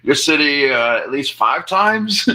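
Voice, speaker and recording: A man runs a game show with a joking, teasing manner. His voice is bright and sits a little high for a man. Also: sing-song, takes it slowly, low-quality recording. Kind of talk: playful game show hosting.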